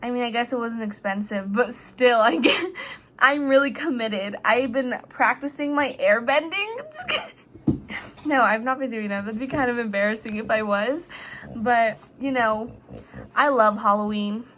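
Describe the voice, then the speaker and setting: A woman's voice: on the high side, a little slow, fairly bright tone, slight background noise. A teenage girl chatting casually in a jokey, rambling way. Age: teens. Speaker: high school student vlogger. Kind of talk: casual vlog chat.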